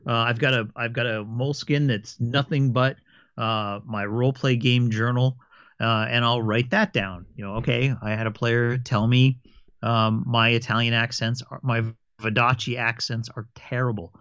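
A man's voice: medium pitch, normal speed, clear, resonant tone, dry recording. A man, a game master and podcast co-host, chatting casually and telling stories with frequent restarts and stammers. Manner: stammers and restarts often, animated storytelling. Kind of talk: casual chat. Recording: dry, slightly dull lo-fi sound.

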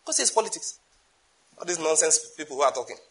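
A man with a Nigerian accent preaching a sermon emphatically, with sudden loud bursts and asides in Nigerian Pidgin. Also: fairly high pitch, lively intonation, fast talker.

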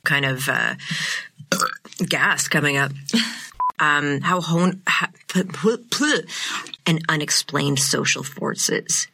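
A woman's voice: low-pitched, slow, vocal fry, pauses often. A woman co-hosting a podcast, joking and swearing freely in casual chat, stumbling over words. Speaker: podcast co-host. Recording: noisy home podcast recording.

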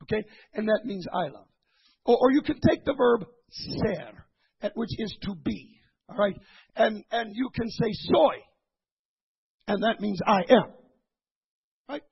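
A man preaching a sermon, halting and repeating words as he teaches, then rising to shouted fervor. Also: sits high, animated, gravelly, slightly rough, dull audio.

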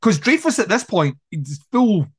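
A man's voice: sits high, sing-song, normal speed, husky. A man chatting casually about a film, retelling scenes with lots of energy, acting out bits, swearing and laughing often. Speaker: podcast co-host.

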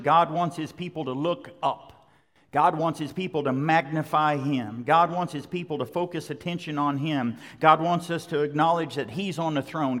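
A man's voice: a little high, fairly bright tone. A middle-aged man preaching a sermon, conversational yet emphatic, driving points home with repetition. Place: large church sanctuary. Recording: long hall reverb.

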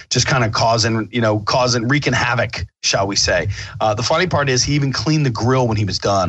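Male podcast host, mid-pitched, loose and rambling, upbeat, drops the odd swear. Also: a bit bright. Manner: rambling, upbeat, many fillers and restarts, swears casually. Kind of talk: casual podcast monologue.

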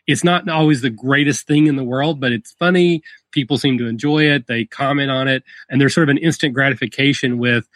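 A man's voice: mid-range voice, fairly bright tone, no room sound. A man hosting a podcast and talking about running tabletop games, rambling a little and poking fun at himself, with many fillers. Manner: rambling, self-deprecating, frequent fillers. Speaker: podcast host and dungeon master. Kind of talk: casual podcast interview.

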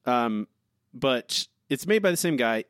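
A man's voice: mid-range voice, expressive, unhurried, no echo, clean studio sound. A young man co-hosting a podcast, chatting casually and earnestly, often stopping and restarting his sentences. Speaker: podcast co-host. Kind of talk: casual chat.

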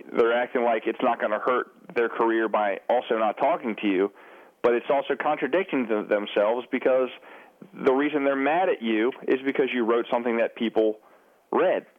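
A man's voice: medium pitch, moderate pace. A man hosting a podcast interview, asking long, winding questions. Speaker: podcast host. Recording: tinny phone line.

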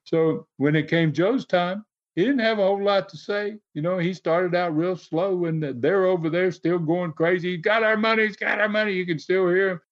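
A man's voice: high voice, fairly even intonation, normal speed. A man casually recounting stories, rambling and dropping "man" and "uh" between phrases. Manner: rambling, peppers lines with 'man' and 'uh'. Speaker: storyteller recounting wrestling TV. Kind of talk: casual storytelling chat. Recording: dull lo-fi audio.

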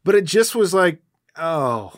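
A man's voice: on the high side, very animated, a little slow, no room sound. A man co-hosting a podcast, chatting casually about a film with wry, dry jokes and hesitant restarts. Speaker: podcast co-host. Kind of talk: casual film-review chat.

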